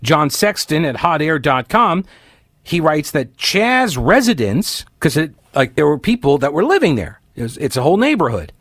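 Male talk radio host, sarcastic opinion monologue, fairly high and very animated voice, dry close sound. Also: no echo. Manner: sarcastic, mocking asides.

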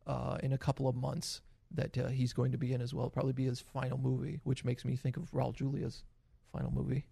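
A man's voice: mid-range voice, monotone, brisk, creaky, dark tone, breathy edge, dry recording. A man in his forties hosting a casual podcast chat, rambling and upbeat, often laughing. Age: 40s. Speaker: podcast host.

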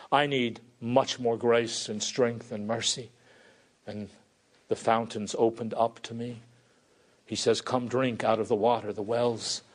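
A middle-aged pastor preaching a sermon in an earnest, pleading way. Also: male voice, medium pitch. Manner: earnest, pleading, voices prayers and God's replies.

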